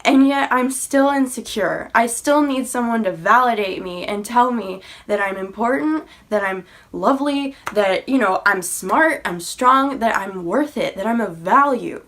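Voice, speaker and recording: With a fairly high, fairly bright voice and lively intonation, this young faith vlogger talks a little slowly but with hardly any pauses. She earnestly encourages her viewers about faith and insecurity, keeping it casual and sprinkling in fillers like "like" and "you know."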